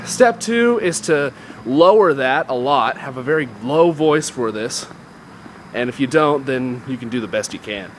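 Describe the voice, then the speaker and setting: A man of ordinary pitch talks his way through an off-the-cuff how-to lesson as he walks down a street. He rambles and corrects himself as he goes, speaking into a handheld device. A faint hum of noise sits behind him. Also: lively intonation, unhurried. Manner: casual, rambling and self-correcting. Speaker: voice impression tutor. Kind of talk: improvised spoken tutorial. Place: outdoors, walking down a street.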